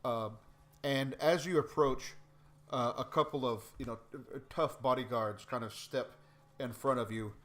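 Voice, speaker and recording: Hesitant man running a tabletop game. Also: mid-range voice. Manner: halting, many fillers and restarts. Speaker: game master.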